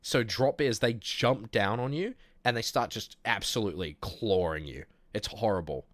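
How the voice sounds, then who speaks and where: Low-voiced guy chatting on stream. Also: normal speed, a bit bright, no echo. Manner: rambling, jokey, many fillers and restarts. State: sick. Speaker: livestream host. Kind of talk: casual chat reading viewer messages.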